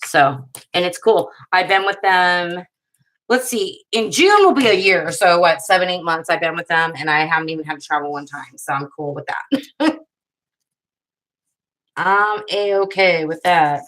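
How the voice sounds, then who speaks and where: Chatty woman crafter with a bright voice. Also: on the low side, expressive, a little slow, rough recording. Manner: chatty, rambling storyteller who laughs often. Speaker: paper craft video host. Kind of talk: casual chat during a live crafting stream.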